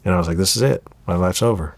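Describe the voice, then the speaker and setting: Deep guy in his 30s telling his story, does everyone's voices, dry close mic. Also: quick pace, gravelly, no room sound. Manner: animated storyteller acting out quoted dialogue. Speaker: interview guest. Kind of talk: storytelling interview.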